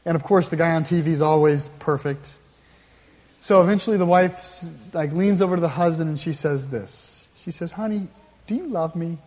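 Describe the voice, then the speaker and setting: A man's voice: fairly high pitch, moderate pace, a little mellow. A male pastor preaching a sermon in a conversational storytelling way, with wry asides. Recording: long hall reverb.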